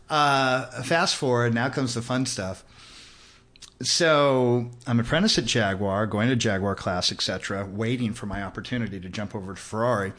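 In a mid-range, slightly bright voice and at a measured pace, an LA man in his sixties shares casual stories as a podcast guest. He acts out the voices of people from his tales while sitting in the host's house.

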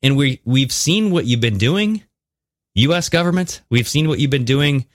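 A man co-hosting a podcast in casual chat, talking in an animated, conspiratorial way as he reads out and reacts to news. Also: medium pitch, moderate pace, no echo, clean studio sound. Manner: animated, conspiratorial, mixes reading with jokes. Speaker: podcast co-host.

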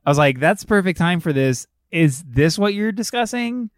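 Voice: medium pitch, animated, normal speed, no room sound, studio quality. A podcast co-host in a casual film review chat, rambling and searching for words, with some swearing.

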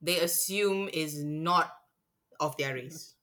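Animated Singaporean woman telling a story. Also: deep voice, slow. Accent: Singaporean English. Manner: animated, acts out customers' lines with swearing. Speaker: cinema manager. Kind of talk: casual storytelling chat.

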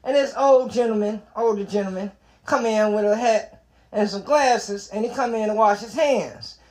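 A man's voice: high-pitched, normal speed. A man telling a story in casual, profane chat and acting out the voices of the people in it. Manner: animated, profane, acts out quotes.

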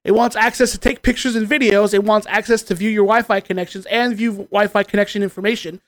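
A man's voice: high-pitched, steady tone, quick pace, no room sound. A man hosting a casual podcast, venting with sarcasm and casual swearing. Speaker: podcast host.

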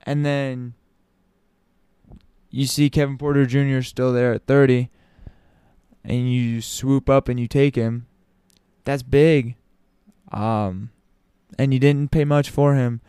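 A man's voice: medium pitch, steady tone, measured pace, warm tone, smooth, no room sound, clean studio sound. A man talking casually to his audience as a commentator, opinionated, with frequent ums and restarts. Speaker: sports commentator. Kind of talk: casual basketball talk.

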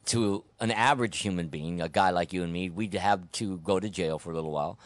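Blunt, opinionated male podcast host with a low voice, dry close sound. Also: a little fast, no room sound. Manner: blunt, opinionated, with frequent restarts. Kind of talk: casual sports and politics chat.

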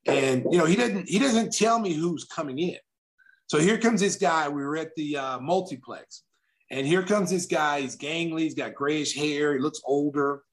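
Animated middle-aged man telling a story. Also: on the high side, normal speed. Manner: animated, acting out quotes, frequent restarts. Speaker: former pro basketball player and TV analyst. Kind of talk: casual storytelling.

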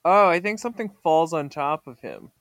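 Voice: medium pitch, moderate pace, no echo. Wry podcast co-host, dry sound. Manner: wry, jokey deadpan comments. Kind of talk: casual chat recapping comics.

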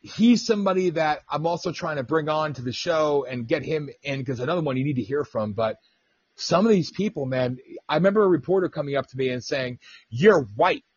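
A man's voice: a little high, fairly quick, a little mellow, husky, no echo, lo-fi sound. A man hosting a radio talk show, telling stories in a casual, profane way and mimicking the people he quotes. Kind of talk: casual political radio chat.

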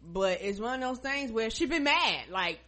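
Woman, podcast co-host, casual chat, slangy, lively swooping pitch, bright tone. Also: moderate pace. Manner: laughing, loose, slangy reactions.

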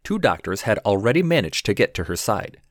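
A low-voiced man, an emergency physician, narrates a scripted comic story in a wry, deadpan way. His pitch moves a lot as he tells it. The recording is close and dry. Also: fairly quick, no room sound. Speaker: podcast host and ER physician.

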